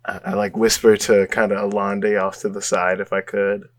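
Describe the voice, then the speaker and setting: Casual young player, lowish voice. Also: male voice, little pitch movement, moderate pace, no room sound, studio quality. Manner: casual, rambling with many fillers. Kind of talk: tabletop game play.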